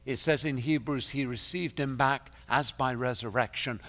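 A man preaching a sermon in an emphatic way, swinging from loud declarations to hushed asides, winded at times. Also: mid-range voice, fairly even intonation, moderate pace, few pauses. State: out of breath.

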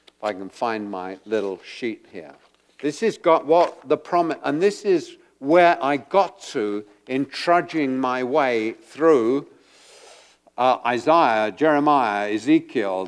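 A man preaching a sermon to a congregation, moving from quiet asides to loud, emphatic rhetorical questions. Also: medium pitch. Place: church before a congregation.

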